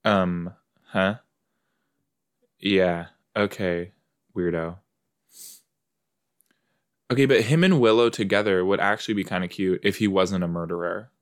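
A man's voice: deep voice, unhurried, pauses often, clean tone. A man hosting a podcast, chatting casually and talking back at the screen as he watches an episode. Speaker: podcast host. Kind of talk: casual watch-along commentary.

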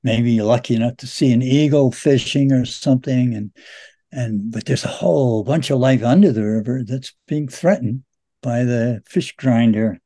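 Mellow-voiced man radio co-host. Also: mid-range voice, moderate pace. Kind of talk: radio talk show chat.

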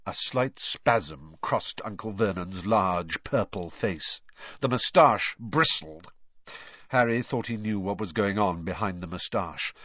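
A man narrating a storybook in an expressive, dramatic reading. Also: lowish voice, breathy edge, no room sound. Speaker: audiobook narrator. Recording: dry, slightly dull recording.

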